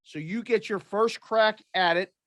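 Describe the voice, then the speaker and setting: A man's voice: sits high, measured pace, a bit bright, no echo. A man hosting a sports podcast, chatting in an upbeat way and plugging the show's segments. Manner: upbeat, chatty, plugs the show. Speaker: podcast host. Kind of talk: casual podcast chat.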